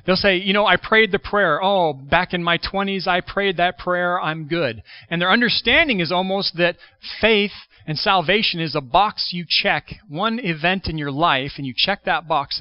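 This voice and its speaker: A man preaching a Sunday sermon in a conversational way, thinking aloud with restarts and quick asides. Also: a little high, dry recording, highs cut off. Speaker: pastor. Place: church sanctuary.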